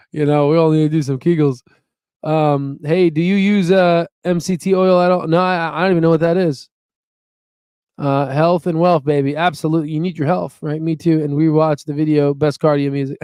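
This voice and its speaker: Upbeat young man, smooth dry voice. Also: on the high side, darkish tone, no echo. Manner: rambling, upbeat, reads chat aloud. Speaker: stock investing channel host. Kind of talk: casual livestream chat.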